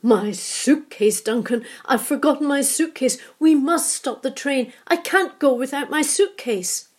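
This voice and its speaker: A woman's voice: mid-range voice, measured pace, husky. A woman voicing an elderly, forgetful woman in a storybook reading, cheerful and easily alarmed. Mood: panicked. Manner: bright, excitable, rising to cries.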